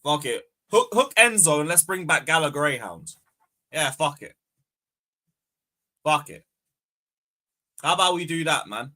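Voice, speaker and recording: A young man hosting a fan livestream, bantering loudly, swearing and taunting viewers. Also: on the high side, expressive, unhurried, long pauses. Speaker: fan channel host. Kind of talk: casual livestream chat.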